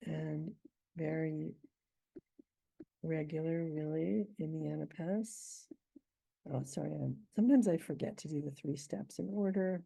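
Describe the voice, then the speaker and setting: A middle-aged woman poet, reading her poem slowly and then explaining its meter in a thoughtful, measured way. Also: low-pitched, steady tone, creaky, dark tone, husky, no room sound.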